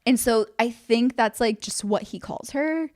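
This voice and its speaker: A woman's voice: a little high, measured pace, a little mellow. A young woman co-hosting a podcast, chatting casually with lots of filler words. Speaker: podcast co-host. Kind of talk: casual chat.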